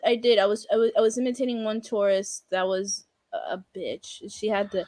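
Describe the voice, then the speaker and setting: A woman's voice: medium pitch, fairly even intonation, a little fast, darkish tone, no room sound. A woman hosting a casual chat stream who babbles on and swears freely. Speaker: streamer host.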